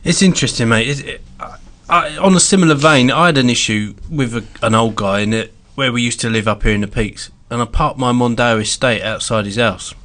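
A man's voice: medium pitch, brisk, few pauses, fairly bright tone. Easygoing man in casual chat.

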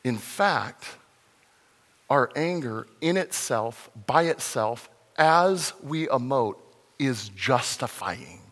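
A man preaching a conversational sermon as a pastor, animated and sometimes acting out the voices in the story. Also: medium pitch, takes it slowly, in a large hall. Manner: conversational, animated, acts out voices in his retelling.

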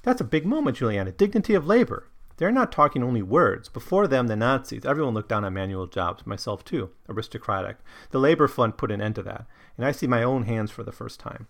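A man's voice: medium pitch, animated, a little fast, gravelly. A man reading aloud the lines of a proud, opinionated middle-aged Italian ex-soldier, in a plain voice with no put-on accent. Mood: earnest.

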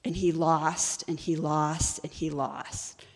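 A woman's voice: deep voice, fairly even intonation, takes it slowly, long reverb tail. A woman giving a sermon-style teaching in a conversational, storytelling way, often asking her listeners questions. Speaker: ministry executive director teaching.

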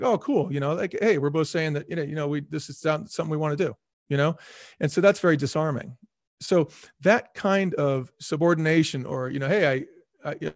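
A middle-aged man speaking as an interview guest, telling animated stories and acting out quoted dialogue with lots of fillers. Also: on the high side, no room sound, clean studio sound. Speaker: guest, restaurant executive.

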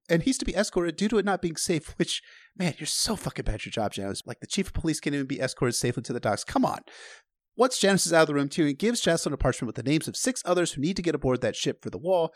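A man's voice: fairly high pitch, dry recording, clean studio sound. A man hosting a casual book recap, sarcastic and profane, joking as he retells the story. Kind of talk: casual recap with read-aloud quotes.

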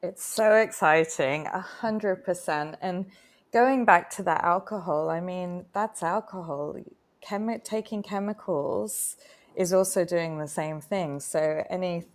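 A woman's voice: lowish voice, a little slow. A woman co-hosting a live chat, telling a personal story in an earnest, heartfelt way. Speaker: co-host, retreat facilitator. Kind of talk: casual live-stream chat.

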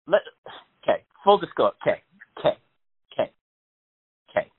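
A man's voice: on the high side, big pitch swings, moderate pace, slightly rough. A man telling a story in casual, rambling chat on a podcast, with lots of swearing. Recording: tinny phone-like sound.

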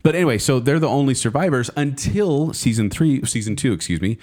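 A man's voice: medium pitch, lively intonation, brisk, darkish tone. A man co-hosting a casual chat, talking at length and explaining, with plenty of "like". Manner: chatty, full of "like" and restarts, explaining shows. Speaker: podcast co-host.

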